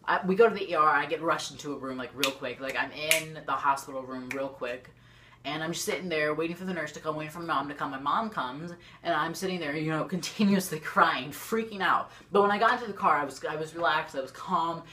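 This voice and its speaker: A teenage girl telling a storytime vlog to her camera. She rambles excitedly and fills her talk with lots of "like". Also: deep voice, brisk, a little hiss or hum. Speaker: YouTuber. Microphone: camera facing the speaker.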